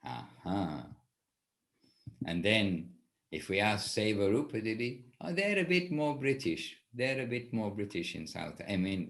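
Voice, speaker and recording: A man teaching an informal class, talking in a rambling way and often correcting himself. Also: deep voice. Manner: rambling, self-correcting, with restarts. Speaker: spiritual teacher leading a class.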